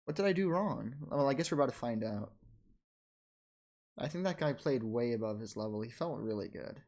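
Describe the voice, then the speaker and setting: A man in a casual chess vlog, narrating his own game in quick bursts and scolding himself for his mistakes. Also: mid-range voice, expressive, a little mellow. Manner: frustrated, self-critical, talks in quick bursts and trails off. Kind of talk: casual self-commentary over a chess game.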